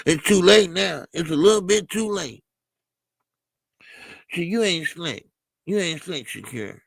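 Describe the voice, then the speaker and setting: A man with a gravelly, fry-tinged voice talks slowly and loosely, hosting a live boxing chat stream. He reacts to his viewers, trailing off into fillers and restarts, and the sound is dry and close. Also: fairly high pitch, expressive, dry recording. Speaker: boxing channel host. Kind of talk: casual live-stream commentary.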